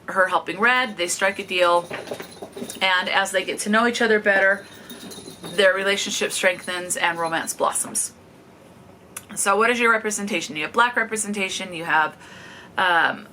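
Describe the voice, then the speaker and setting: Woman, book vlogger, bright forceful voice, flat matter-of-fact list delivery. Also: mid-range voice, a little hiss or hum. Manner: matter-of-fact, reads out tallies, checks in with "okay?". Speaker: book reviewer. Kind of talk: casual book review vlog.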